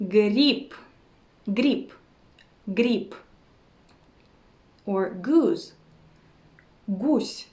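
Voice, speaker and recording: A woman teaching an online language lesson, pronouncing each word slowly and repeating it several times. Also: medium pitch, a little mellow. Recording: roomy echo.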